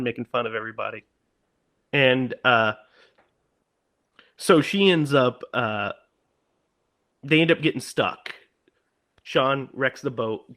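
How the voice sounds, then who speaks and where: A man co-hosting a podcast, casually retelling a film's plot and animatedly acting out its lines. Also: medium pitch. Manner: animated, acts out lines in quick put-on voices. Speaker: podcast co-host.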